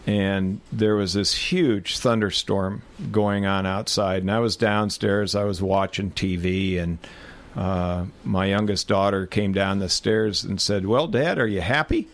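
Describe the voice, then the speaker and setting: A man's voice: deep voice, level tone, measured pace. An older man, a retired band director telling rambling, self-deprecating anecdotes in an oral history interview. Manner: rambling anecdotes, self-deprecating humor, many filler restarts.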